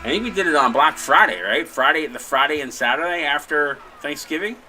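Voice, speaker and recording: A man hosting a live stream, mixing casual chat with excited play-by-play calls. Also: a little high, brisk, a little hiss or hum, low-quality recording. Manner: chatty, jokey, breaks into excited shot calls. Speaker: play-by-play commentator and stream host.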